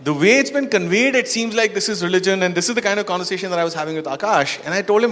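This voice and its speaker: A man's voice: sits high, very fast, hardly any pauses, a bit bright. A man giving a storytelling talk to an audience, asking them questions and dropping in frequent "you know" and "right". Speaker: conference speaker. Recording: long hall reverb.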